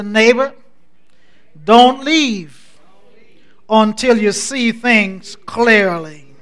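A man preaching a sermon as pastor, building through repeated refrains that rise in a preaching cadence. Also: very high voice. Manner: repetitive, rising preaching cadence; measured, soft-spoken scripture introduction.

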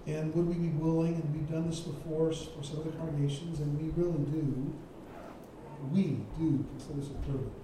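A man's voice: fairly high pitch, fairly even intonation, a little fast, noisy background. A man preaching a sermon as a guest speaker, emphatic, repeating his key phrases for weight. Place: church sanctuary. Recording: echoey church from far off.

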